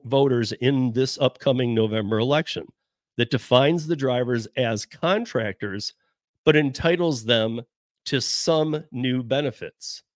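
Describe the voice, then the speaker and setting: A man's voice: medium pitch, dry recording. Chatty man hosting a dry-sounding podcast. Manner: rambling, self-correcting, chatty asides. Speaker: podcast host and rideshare driver. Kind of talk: casual podcast commentary reading news.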